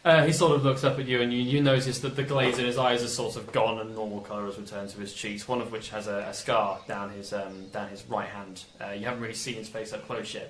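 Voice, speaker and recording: A man's voice: fairly low pitch, fairly bright tone, echoey room, a little hiss or hum, rough recording. A man narrating a tabletop game as dungeon master, rambling with many fillers and self-corrections.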